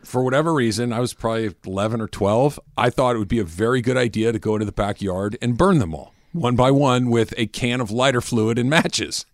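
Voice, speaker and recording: A man hosting a sports radio show, telling stories in a casual, animated way and laughing often. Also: medium pitch, brisk, hardly any pauses, dry recording, clean studio sound.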